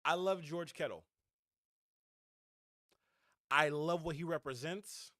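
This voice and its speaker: A fired-up man runs his fan podcast with a high, bright voice that cuts through. He talks in a blunt, preachy, heated way. The sound is close and dry, with no room around it. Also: slow pace, no echo. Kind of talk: opinionated sports rant.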